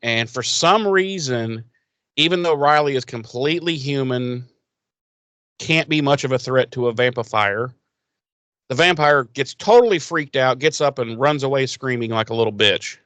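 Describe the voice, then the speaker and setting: Animated male podcast co-host. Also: medium pitch, moderate pace, no room sound. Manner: animated retelling, acting out characters' lines. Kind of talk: casual chat recapping a TV episode.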